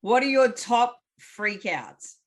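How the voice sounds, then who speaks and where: A woman co-hosting a casual fitness podcast as a competition coach, agreeing often and making her points in steady rhetorical runs. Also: fairly high pitch. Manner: steady, agreeable, lots of quick yeahs and a rhetorical list.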